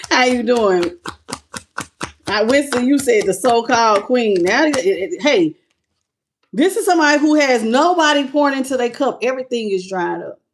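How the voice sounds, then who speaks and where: Woman, tarot reader, live stream, animated, conversational, slightly high voice. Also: noisy background. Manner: animated, conversational, greets viewers.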